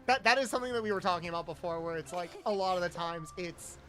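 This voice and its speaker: With faint music behind him, a young streamer host speaks fast in a high, fairly bright voice. He chats casually while gaming, spinning rambling tales and acting out whoever he's quoting.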